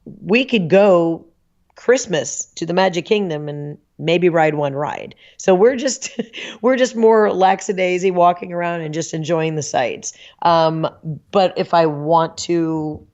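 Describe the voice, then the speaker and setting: A woman podcast guest chatting casually, telling animated stories and laughing often. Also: fairly low pitch, slow, muffled recording. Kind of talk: casual chat.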